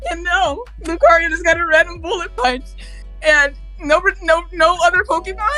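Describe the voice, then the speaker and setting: A woman on a voice call giving an excitable reaction, her voice jumping high in disbelief. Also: normal speed, soft background music, rough recording. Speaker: panel guest. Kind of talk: casual reaction rant.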